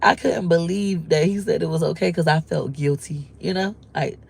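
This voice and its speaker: A woman's voice: sits low, moderate pace, creaky, husky. A woman in her forties, a mother of grown kids, talking candidly and emotionally to her viewers in casual slang, acting out what her husband said. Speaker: vlogger, mother.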